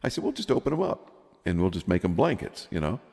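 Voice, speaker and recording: A man's voice: deep voice, very animated, quick pace, darkish tone, husky, long reverb tail. A man in his fifties telling a long rambling story in casual chat, laughing as he goes. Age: 50s. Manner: rambling, laughs often while telling stories. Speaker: podcast co-host.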